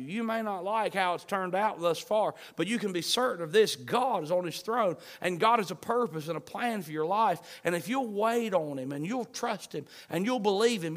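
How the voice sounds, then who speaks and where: A man with a high-pitched voice preaches a sermon to his congregation. He repeats key phrases again and again and builds to moments of emphasis. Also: fairly bright tone. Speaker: pastor.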